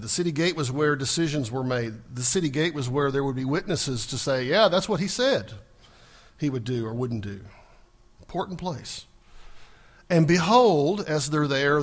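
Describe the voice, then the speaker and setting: A man preaching a sermon, asking the congregation questions and acting out the scripture dialogue. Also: medium pitch. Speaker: pastor.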